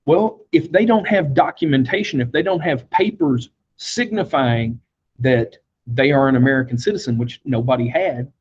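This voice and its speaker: This man's voice sits at medium pitch, slightly mellow with a breathy edge, moving at normal speed on a muffled recording. He delivers a history lesson in a chatty classroom manner, filling pauses often and briefly acting out quotes.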